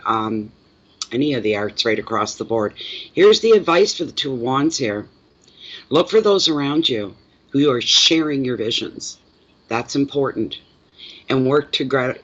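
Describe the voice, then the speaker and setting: A Canadian-accented man talks through a live tarot reading in a chatty, plainspoken way, repeating words for emphasis and answering chat comments. His pitch sits in an ordinary middle range. The recording is dull and lo-fi. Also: fairly bright tone. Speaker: tarot reader.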